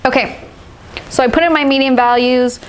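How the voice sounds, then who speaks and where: A woman's voice: high-pitched, steady tone, moderate pace, a little hiss or hum. A woman teaching a live watercolor painting class, explaining steps patiently and laughing often. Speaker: art instructor.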